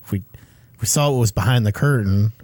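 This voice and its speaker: A man's voice: lowish voice, fast talker, darkish tone, no echo. Musing man in a dry room. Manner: musing, thinks aloud in long rambling sentences. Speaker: podcast co-host. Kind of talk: casual chat.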